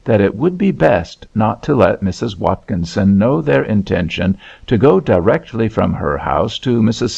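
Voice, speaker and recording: Low gravelly male storyteller. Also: darkish tone. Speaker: narrator. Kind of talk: audiobook narration of a novel. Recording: dull lo-fi recording.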